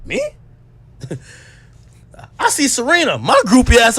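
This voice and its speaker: A man telling a story in a casual, profane, animated way and acting out the quotes. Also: extremely high pitch, normal speed.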